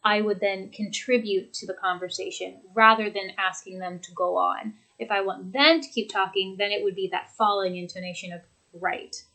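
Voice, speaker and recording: A woman teaching an English lesson from a home desk, speaking clearly and deliberately as she demonstrates intonation. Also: medium pitch, fairly even intonation, pushed and bright, rough recording. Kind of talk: recorded lesson. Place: home office with a computer.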